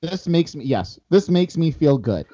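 A man's voice: on the high side, sing-song, unhurried, mellow, dry recording, dull audio. A man co-hosting a casual chat, telling a profane story and acting out the quotes. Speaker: podcast co-host.

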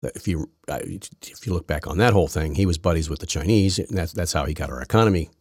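Husky deep-voiced man ranting. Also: quick pace, a little mellow, no echo, studio quality. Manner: rambling, sarcastic, frequent restarts. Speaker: podcast host. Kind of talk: casual political commentary.

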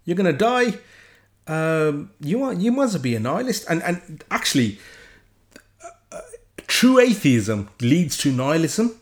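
A man giving an informal, earnest Bible study, getting excited, talking with many restarts and self-deprecating asides. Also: fairly high pitch, measured pace. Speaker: Bible teacher.

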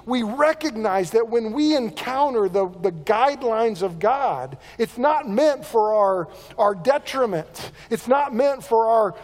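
A man delivers an earnest sermon, his voice pitched noticeably high for a man. He often repeats and restarts words as he works through his points. The sound carries a long reverb, like a church sanctuary. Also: darkish tone. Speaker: pastor.

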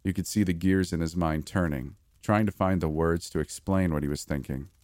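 Male horror storyteller, deep voice, dry close sound, measured delivery. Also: no room sound. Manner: steady, measured first-person reading. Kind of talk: scripted horror story narration.

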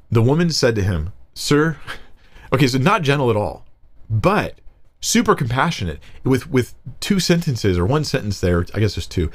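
Speaking at medium pitch, a male pastor walks through a Bible passage in a relaxed, conversational way, reading the verses out loud and growing animated as he paraphrases.

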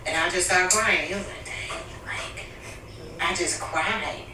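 A woman's voice: lowish voice, measured pace, background noise. A woman telling a personal story in a candid, emotional family conversation. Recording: echoey room, mic at a distance.

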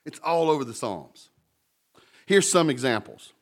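A man's voice: medium pitch, very animated, measured pace. A man pastor preaching a sermon in a conversational way, with humorous stories and asides between scripture readings.

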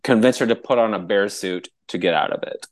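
A podcast co-host tells a story in a casual, animated way, speaking a little fast. He laughs often and pitches his voice up high when quoting people.

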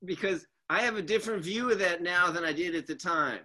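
A man with a high, bright voice leads a casual chat and tosses questions to his guests. He talks with easy hesitations and fillers as he remembers. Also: fairly quick. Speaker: host leading a musicians' reminiscence.

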